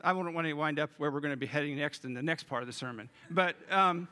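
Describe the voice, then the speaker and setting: A man's voice: fairly high pitch, quick pace, pushed and bright. A male pastor giving a conversational sermon and talking directly to his congregation.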